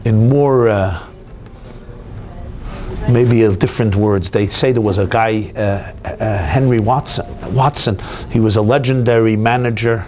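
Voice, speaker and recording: A man, a rabbi, giving an inspirational talk at an event, telling stories and jokes with lively swings in his voice for emphasis. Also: a little slow, a little hiss or hum. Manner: animated storyteller, swings pitch for emphasis. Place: hotel event hall.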